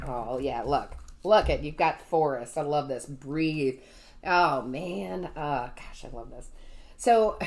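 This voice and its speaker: A woman's voice: deep voice, darkish tone. A woman giving a casual tarot reading to her viewers. She gushes with enthusiasm and keeps asking "right?". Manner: gushing and enthusiastic, often asks "right?" and addresses viewers as "guys". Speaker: tarot reader and medium.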